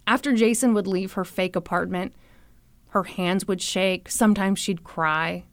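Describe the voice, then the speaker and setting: A young woman hosting a podcast, telling a true crime story in an animated, chatty way full of "like" and "you know". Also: mid-range voice, a little slow, no echo. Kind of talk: casual storytelling chat.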